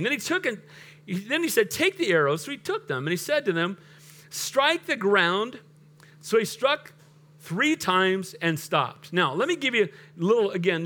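A man's voice: a little high, a bit bright. A middle-aged male pastor preaching a sermon, telling stories and acting out the figures in the scripture he quotes.

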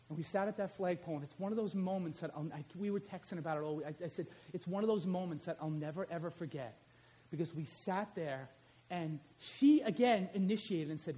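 A middle-aged man preaches in a small church with a high, lively voice. He talks straight to the congregation, swinging from loud calls to action to a quiet, confiding telling of a personal story. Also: fast. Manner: animated, conversational, addresses congregation directly. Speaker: pastor and high school teacher.

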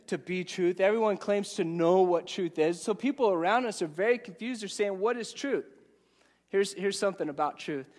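A man preaching an evening sermon, conversational and prone to repeating words as he speaks to the congregation. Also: high-pitched. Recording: reverberant hall.

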